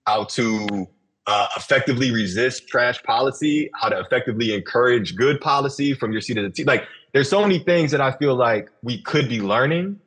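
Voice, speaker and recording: A man talks through ideas on a casual podcast, reflective and unhurried in his thinking, often circling back and restarting his phrases. His voice has a husky edge and sits at an ordinary pitch. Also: animated, a bit bright. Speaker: podcast host.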